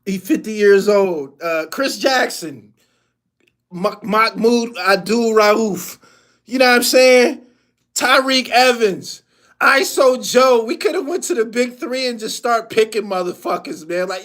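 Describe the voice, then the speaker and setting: A man hosting a sports podcast, ranting in profane, animated commentary and laughing often. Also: very high voice, measured pace.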